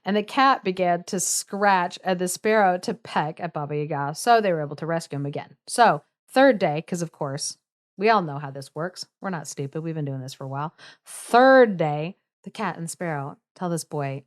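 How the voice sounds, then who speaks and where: A woman podcast host retelling a folktale in a relaxed, chatty way. She is wry and breaks the story with comic asides. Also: fairly low pitch, moderate pace. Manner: chatty, wry, laughs through lines.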